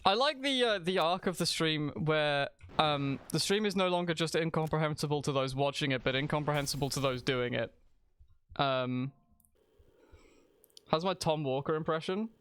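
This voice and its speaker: A man's voice: on the high side, normal speed, a bit bright, smooth. A man streaming a video game, chatting casually and rambling as he thinks aloud, often restarting his sentences. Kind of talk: casual live-stream chat while gaming.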